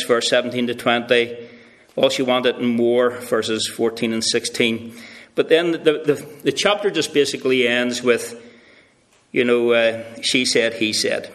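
A man's voice: mid-range voice, a bit bright. A man preaching a sermon, earnest and emphatic, with many rhetorical questions.

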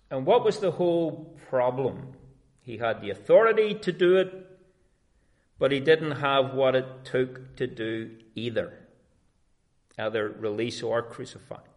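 A man's voice: medium pitch, measured pace. A man preaching a sermon in an earnest, emphatic way.

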